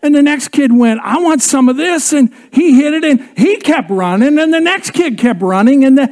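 Speaking at a normal speed, a preacher livens up his sermon with a humorous story, laughing along before turning low and hushed for the weightier points.

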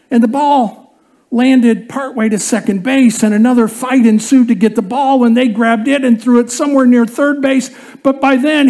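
Animated preacher telling a funny story. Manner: animated storyteller, chuckling through the tale; drops low and quiet for serious points. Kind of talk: sermon with a humorous personal story.

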